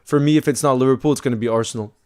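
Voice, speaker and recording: A man hosting a live fan watchalong, calling the play, repeating himself, and swinging between frustration and shouting. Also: mid-range voice, racing, clear, resonant tone. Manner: emotional, swings from frustrated to screaming excitement; calls play by play, repeats phrases.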